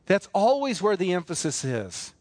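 A man's voice: sits high, wildly swooping pitch, normal speed, a little mellow, no room sound. A man preaching a sermon as pastor, emphatic and repetitive, with many rhetorical questions.

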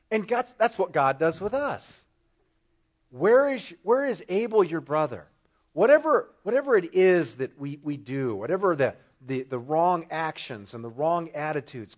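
A man preaching an expository sermon, asking the congregation rhetorical questions and repeating phrases for emphasis. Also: high voice.

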